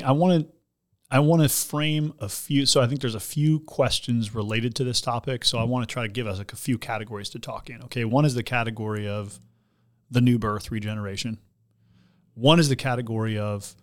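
Mid-pitched man, a pastor hosting a podcast, reads a listener's letter aloud and then talks the question through in a considered, explanatory way. His voice sits in an ordinary middle register, and he often restarts his sentences as he thinks.

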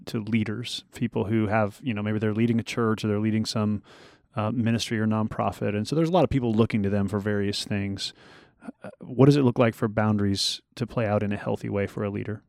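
Male podcast host, low-ish voice, casual, dry studio sound. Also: vocal fry, no room sound. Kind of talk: interview questions, casual.

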